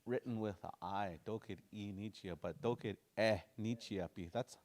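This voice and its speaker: A man's voice: lowish voice, a little mellow. Easygoing male language teacher. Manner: repeats phrases slowly, drilling pronunciation; casual, folksy explanations. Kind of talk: language class.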